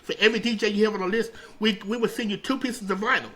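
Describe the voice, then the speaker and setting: The founder of a radio station, now middle-aged, rambles through animated stories in a casual interview, repeating words and restarting frequently. He speaks fast in a high voice, and the recording is low quality.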